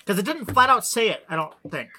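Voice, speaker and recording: A man co-hosting a podcast in a high, bright voice. He chimes in with details during casual chat. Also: big pitch swings, fast, a little hiss or hum. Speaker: podcast co-host.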